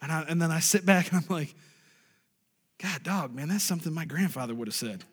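A man's voice: fairly high pitch, lively intonation, very fast, big-room sound. A man preaching a sermon as pastor, emphatic, often asking the congregation "right?" and drawing an "amen".

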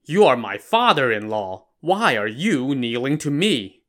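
A man voicing a drunk, boastful male bandit chieftain with a loud, cocky, jovial manner. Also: medium pitch, sing-song, a little slow.

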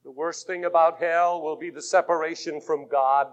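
A man preaching a sermon, swinging between fervent shouts and hushed, intimate passages. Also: a little high, steady tone, moderate pace. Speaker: pastor. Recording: muffled lo-fi 1980s tape.

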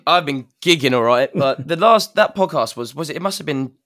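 A man's voice: fairly high pitch, animated, normal speed, a bit bright. A man, a guest on a podcast, chatting casually and animatedly, swearing and laughing often. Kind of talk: casual chat.

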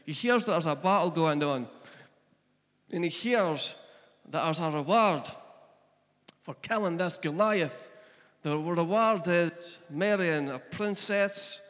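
Slow-talking Scottish pastor in an echoing hall. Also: male voice, on the high side, fairly bright tone. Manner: storytelling, retelling scripture in plain everyday speech. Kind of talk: sermon. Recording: long echo of a large hall.

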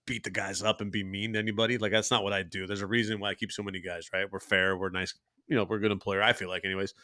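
A man's voice: lowish voice, very fast, dry recording, clean studio sound. A man hosting a podcast in casual chat, telling stories with lots of laughter. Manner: animated storyteller, laughing often. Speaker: podcast host.

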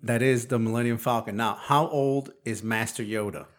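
With fairly even intonation, a moderate pace and medium pitch, a man in his forties runs a relaxed podcast alongside his young son. He quizzes the boy playfully, teasing and laughing often.

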